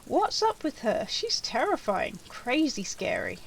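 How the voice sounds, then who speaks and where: A woman's voice: high-pitched, big pitch swings, a little slow, vocal fry, slight background noise. A woman doing a let's play, reading game text aloud and musing over her choices. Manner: musing, chatty. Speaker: let's player.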